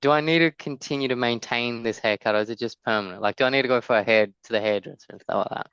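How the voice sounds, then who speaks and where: Man, South African accent, casual podcast chat, hesitant, smooth resonant tone, muffled close mic. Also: medium pitch, fast talker, fairly bright tone, dry recording. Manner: laid-back, hesitant, restarts a lot. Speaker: podcast co-host.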